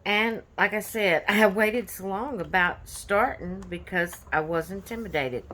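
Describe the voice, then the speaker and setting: A woman's voice: medium pitch, unhurried, bright, forceful tone, a little hiss or hum. A woman hosting a coloring channel, chatting casually about her finished pages in an easygoing, rambling way with lots of fillers.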